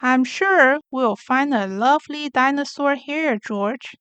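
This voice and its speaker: A woman reading as a calm, caring mother pig. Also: high voice, slow pace, smooth, no room sound, highs cut off. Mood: soothing.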